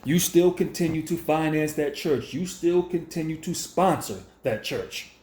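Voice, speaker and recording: A man's voice: a little high, a little slow, a little mellow. A man delivering a confrontational, preachy commentary monologue, repeating his points and lecturing the listener. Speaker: commentary vlogger. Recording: echoey room.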